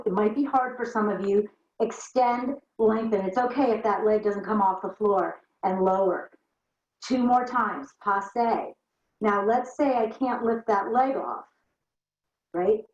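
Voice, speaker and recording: A woman's voice: medium pitch, darkish tone. Lady leading a barre class on the floor, a bit winded, echoey room, kinda muffled. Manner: encouraging, counts reps while demonstrating. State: a little out of breath. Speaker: barre fitness instructor. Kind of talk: guided workout instruction. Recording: roomy, dull lo-fi sound.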